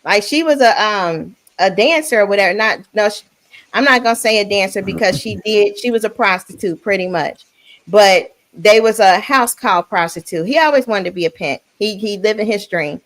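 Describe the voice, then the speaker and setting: A woman's voice: medium pitch, moderate pace. A woman hosting a casual panel chat, talking frankly and laughing often as she speaks.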